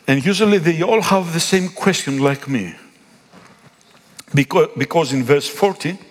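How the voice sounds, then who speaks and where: A man whose first language is Greek, preaching a sermon in a church, pleading and rising to loud calls. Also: on the high side, slightly rough. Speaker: pastor. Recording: long echo of a big hall.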